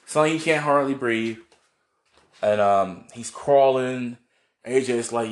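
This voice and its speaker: A man's voice: medium pitch, takes it slowly, long pauses, reverberant. A man casually recapping a wrestling show on video, rambling, laughing and swearing as he goes. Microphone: camera mic, seen on video.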